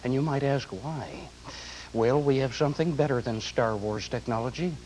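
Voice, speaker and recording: A man's voice: mid-range voice, normal speed, a little mellow, slight background noise, close to an everyday voice, poor audio. A man in his twenties doing an impression of an older male president, joking folksily at a mock press conference. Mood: folksy. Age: 20s.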